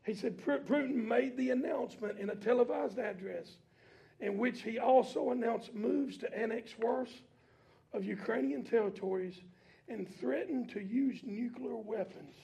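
Male preacher, high gravelly voice, sermon style with call-and-response, swings from low reading to shouting.

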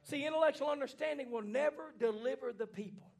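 A man preaching a fiery sermon in a church, folksy and plainspoken, swinging from hushed lines to shouting. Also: very high voice, fast. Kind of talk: fiery Pentecostal-style sermon.

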